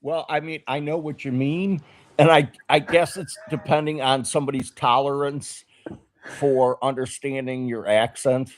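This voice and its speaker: A man's voice: medium pitch, fairly even intonation, normal speed. Easygoing rambling man in group chat. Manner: easygoing, rambling, many fillers. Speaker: panel guest. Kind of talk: casual podcast banter.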